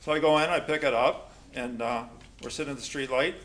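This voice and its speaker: A man's voice: medium pitch, brisk, fairly bright tone, a little hiss or hum. A man leading a recovery class, telling personal stories in a joking, conversational way and putting questions to the group.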